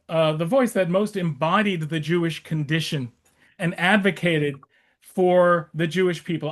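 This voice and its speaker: A man in his sixties, a rabbi, teaches adults over a video call, his voice sitting high for a man. He talks in a loose, chatty way, circling back with restarts and small wry asides. Fillers break up most of his sentences.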